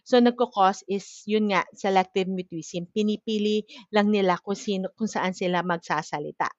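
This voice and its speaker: A woman with a Filipino accent teaches in a steady, explanatory way. She mixes Tagalog with English and keeps checking in with her listeners. The recording is dry and a little dull. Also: mid-range voice, moderate pace, no room sound. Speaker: child development lecturer. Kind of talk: explanatory lecture.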